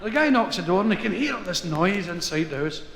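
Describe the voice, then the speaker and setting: Scottish man, stand-up comedian, high lively voice, laughing, echoey hall, background noise. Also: a little fast, creaky, over a noisy crowd. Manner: animated, with bursts of laughter. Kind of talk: live stand-up storytelling. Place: live concert hall.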